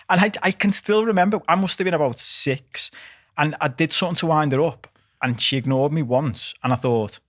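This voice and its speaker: Man, fairly high voice, rapid chatty delivery, dry close mic, podcast co-host. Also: no echo. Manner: quick, chatty, storytelling. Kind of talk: casual chat.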